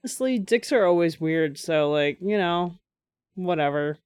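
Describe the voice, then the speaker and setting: A woman's voice: on the low side, expressive, measured pace, a little mellow, clear, resonant tone, no room sound. A woman chatting casually and sarcastically, often slipping into mocking voices. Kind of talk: casual comedic chat.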